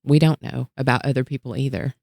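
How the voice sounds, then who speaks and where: Gravelly man making wry asides. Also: mid-range voice, fairly even intonation, fast, a little mellow, no room sound, clean studio sound. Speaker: podcast co-host. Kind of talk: casual chat.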